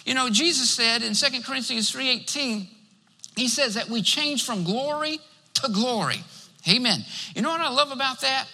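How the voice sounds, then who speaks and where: High bright-voiced preacher in a reverberant hall. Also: male voice. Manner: preaching with repeated numbered points and emphatic amens. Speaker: pastor. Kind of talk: sermon.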